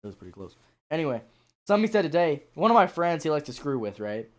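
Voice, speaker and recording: A teenage boy in casual chat on a racing league podcast, telling a joking, animated story. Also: a little high, fast. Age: teens.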